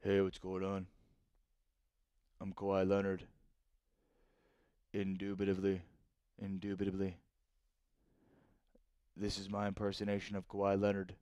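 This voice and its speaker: A sports talk host doing an impression of a quiet, monotone male basketball star. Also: low voice, unhurried, long pauses, smooth, no echo, clean studio sound, voice pushed down. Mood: deadpan.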